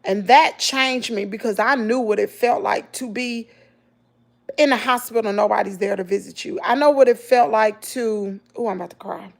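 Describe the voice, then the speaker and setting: Speaking at a moderate pace in a slightly high, creaky voice, a middle-aged woman with a Southern accent talks to her viewers about hard times. The vlogger is casual and emotional, tells her story animatedly, and calls her audience "y'all."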